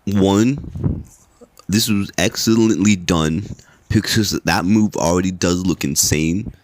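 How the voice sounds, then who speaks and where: Laid-back low-voiced man recapping wrestling. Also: slow, a little hiss or hum. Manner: laid-back, rambling, frequent "like" and cursing. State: sleepy. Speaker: podcast host.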